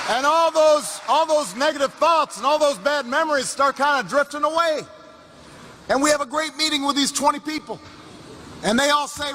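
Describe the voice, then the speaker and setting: A middle-aged man tells a story in a campaign speech, repeating phrases for emphasis and restarting sentences as he goes. His voice sits rather high for a man. It rings out with long reverb in a large hall, and noise runs underneath. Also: normal speed. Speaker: political speaker.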